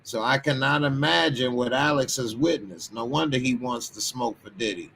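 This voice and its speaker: Casual Texan male commentary host, chatty, slangy, sudden loud bursts, bright tone. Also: medium pitch, normal speed, vocal fry, slight background noise. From Texas.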